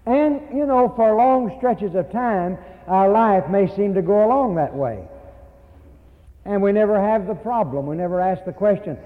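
Emphatic preacher in a tinny, echoing hall. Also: male voice, high-pitched. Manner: emphatic, slows down to stress words, asks rhetorical questions. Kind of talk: sermon. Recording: tinny lo-fi recording with long hall reverb.

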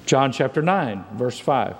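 A man's voice: medium pitch, lively intonation, measured pace, gravelly, breathy edge, big-room sound. A man preaching a sermon as pastor, reading and paraphrasing scripture with emphatic delivery.

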